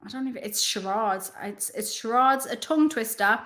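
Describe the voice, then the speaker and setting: A woman's voice: a little high, normal speed. A woman hosting a casual live stream. She chats to viewers in a rambling way and makes fun of herself as she goes. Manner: chatty, warm-hearted, rambling with self-mocking asides. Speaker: livestream host.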